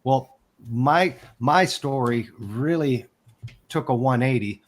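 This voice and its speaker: A man's voice: mid-range voice, takes it slowly. Candid man in his forties. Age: 40s. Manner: candid and emotional, swears casually. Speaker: podcast guest. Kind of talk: personal storytelling.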